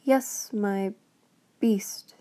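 A woman's voice: medium pitch, drawn-out words, dark tone. A woman voicing a terrified middle-aged father who begs and stammers, in a whispered role-play from a storybook. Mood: pleading. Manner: stammering, pleading.

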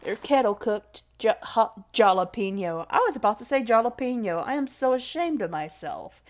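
A woman's voice: fairly high pitch, animated, moderate pace. A young woman rambling casually and emotionally in a vlog, self-deprecating and swearing freely. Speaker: vlogger.

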